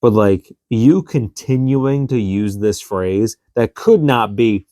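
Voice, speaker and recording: A man's voice: fairly low pitch, slow pace, mellow, no echo, studio quality. A man in his thirties co-hosting a podcast, venting in casual chat about parenting and acting out his child's lines. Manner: exasperated, venting, acts out quotes of his child. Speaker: podcast co-host.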